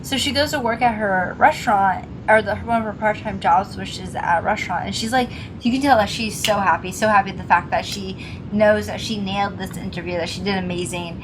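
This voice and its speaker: A woman co-hosting a casual chat about a drama episode, retelling scenes with lively acted-out quotes. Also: mid-range voice, fairly quick, noisy background. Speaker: co-host discussing a drama episode.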